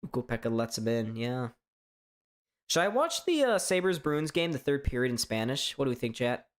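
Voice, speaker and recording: A man from hosting a live sports reaction stream, chatting casually in a strained, hoarse voice, rambling and stammering through restarts. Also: mid-range voice, very animated, normal speed. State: voice straining from shouting. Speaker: sports fan livestream host.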